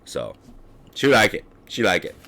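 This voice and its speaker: A hoarse man hosting a casual cigar chat stream, rambling with halting restarts and clearing his throat often. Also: on the low side, wildly swooping pitch, pushed and bright. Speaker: livestream host reviewing cigars.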